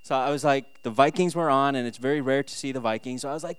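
A man from Minnesota, a pastor in his thirties, giving a sermon with animated storytelling and rhetorical questions. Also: fairly high pitch, brisk, hardly any pauses, clear, resonant tone, no echo.

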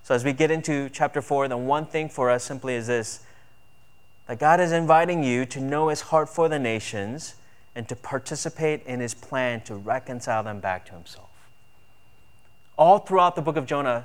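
A man's voice: mid-range voice, smooth. A man preaching a sermon earnestly, with emphatic build-ups on key points. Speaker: pastor.

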